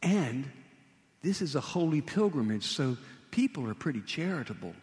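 Animated preacher with lively, swinging pitch. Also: male voice, moderate pace, long reverb tail. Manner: animated storytelling with vivid retelling. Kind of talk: sermon.

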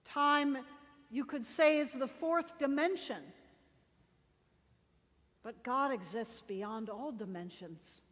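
Slow, high-voiced woman preacher. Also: a bit bright, long reverb tail. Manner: slow, deliberate storytelling with dramatic pauses. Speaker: pastor. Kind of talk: sermon.

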